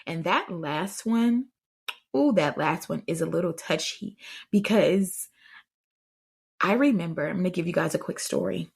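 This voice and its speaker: A woman's voice: fairly low pitch, animated, measured pace, vocal fry, slightly rough. A woman hosting a parenting podcast, telling stories in a chatty way and talking straight to her listeners. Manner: chatty storytelling, addresses listeners directly. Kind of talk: casual advice chat.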